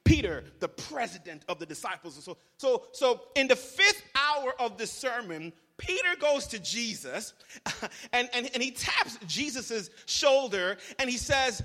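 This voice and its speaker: A man preaching a sermon as pastor, telling the story with humor and animated asides. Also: very high-pitched, measured pace. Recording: large hall reverb.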